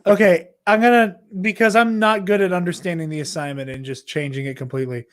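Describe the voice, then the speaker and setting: A man co-hosting a podcast, telling a story in an animated, profane way in casual chat. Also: high voice, fast talker. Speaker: podcast co-host.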